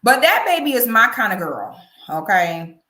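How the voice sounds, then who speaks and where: A woman with a higher voice hosts a casual commentary livestream, speaking at normal speed in an animated, emphatic way and repeatedly asking "okay?". The room sounds echoey.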